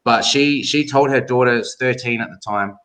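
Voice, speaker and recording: This guest is a middle-aged tattoo artist from Australia, speaking at a mid-range pitch and a moderate pace. In a casual storytelling interview, he recounts tales animatedly and imitates the voices of people he quotes.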